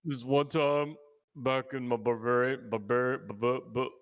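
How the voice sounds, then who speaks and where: A man's voice: medium pitch, fairly even intonation, a little slow, close to an everyday voice. A man voicing a bumbling male barbarian in a tabletop game, rambling and stammering. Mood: sheepish. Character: bumbling male barbarian telling a sorry tale. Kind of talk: tabletop role-play.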